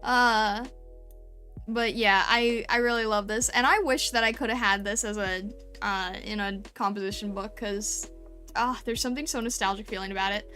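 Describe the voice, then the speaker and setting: A woman's voice: mid-range voice, steady tone, moderate pace, pushed and bright, faint music behind. A woman streamer chatting casually and gushing over fan art, full of fillers and little laughs. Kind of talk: casual live-stream chat.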